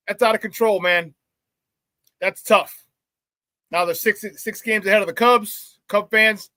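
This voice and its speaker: Hyped sports talk host. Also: male voice, very high voice, no echo. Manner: hyped, shouts out viewers, laughs often. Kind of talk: live sports talk show, reading chat.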